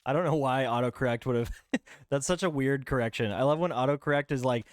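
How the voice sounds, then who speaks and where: A man's voice: medium pitch, fast talker, no echo, studio quality. A man streaming a video game from home, chatting casually in a playful, rambling way. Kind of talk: casual gameplay stream chat. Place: home room.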